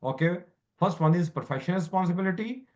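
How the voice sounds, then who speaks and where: Man, online class tutor, lively higher voice, dull video call audio, repeats himself. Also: fast. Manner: switches between English and Hindi, quizzes students, repeats himself. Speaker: law exam tutor.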